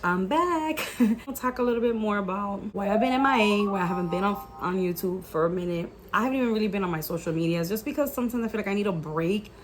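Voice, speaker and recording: Over music, a young adult woman speaks quickly in a mid-range voice. As a YouTuber, she tells her viewers a personal testimony in a casual, chatty style, sprinkling in plenty of "like" and "guys."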